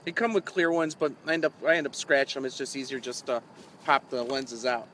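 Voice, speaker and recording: A man's voice: medium pitch, steady tone, brisk, a bit bright, slight background noise. A man on a live fishing stream, rambling through old stories with plenty of chuckles and self-mockery, talking to his chat. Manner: chuckling, meandering, self-mocking. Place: outdoors by the water while fishing.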